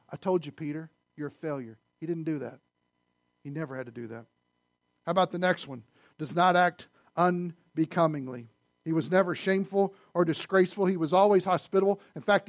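Man, high voice, preaching, conversational questions, loud then hushed, dry close sound. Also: dry recording. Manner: swings from loud emphasis to near-whispered asides. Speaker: pastor. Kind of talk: sermon.

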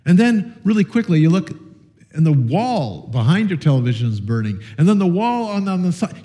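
A man's voice: high-pitched, moderate pace. A man preaching a sermon to his congregation, telling a story and calling on listeners, conversational with frequent fillers and restarts. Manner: animated, storytelling with audience participation. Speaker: pastor.

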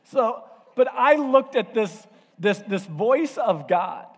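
A man's voice: high voice, expressive, slow. A man preaching a sermon in a conversational, storytelling way, with self-deprecating asides. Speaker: pastor. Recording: reverberant hall.

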